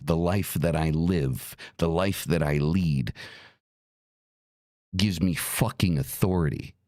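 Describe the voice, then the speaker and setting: A man's voice: low-pitched, no room sound, studio quality. A middle-aged man hosting a talk show, speaking bluntly and profanely in a heated, repetitive rant. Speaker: podcast host.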